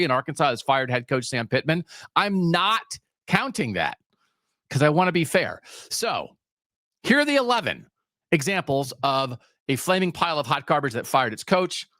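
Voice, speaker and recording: A man's voice: a little high, a bit bright, no echo, clean studio sound. A man hosting a sports talk podcast, delivering a sarcastic, emphatic solo rant.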